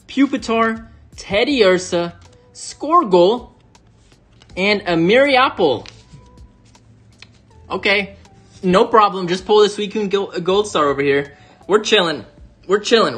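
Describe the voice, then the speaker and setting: A man's voice: sits high, a bit bright. A man hosting an unboxing video, talking casually to viewers and gushing over each card. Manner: chatty, addresses viewers as "you guys"; gushing exclamations. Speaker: card-opening channel host.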